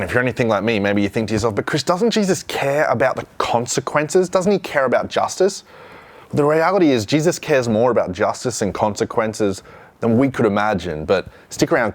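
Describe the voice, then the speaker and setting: A man with an Australian accent giving an earnest, conversational short video sermon, slowing down to stress key words. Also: lowish voice. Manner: earnest, conversational, slows for emphasis. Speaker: pastor.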